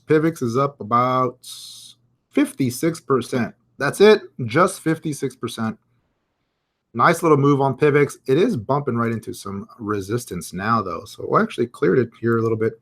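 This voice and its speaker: Expressive and speaking at a normal speed in a mid-range voice, a man hosts a crypto stream live. He chats his way through casual chart analysis, thinking out loud as he picks up viewers' comments.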